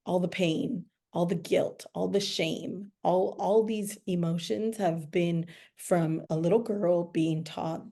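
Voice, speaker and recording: A woman's voice: fairly low pitch, gravelly, warm tone. A young adult woman hosting a podcast, speaking earnestly in casual conversation and repeating herself for emphasis. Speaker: podcast host.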